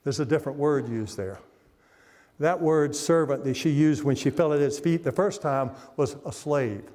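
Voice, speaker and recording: Preaching a revival sermon as a guest in a church sanctuary, a middle-aged man speaks at normal speed in a fairly high, somewhat mellow voice. His storytelling is folksy, he asks the congregation questions, and the hall adds long reverb.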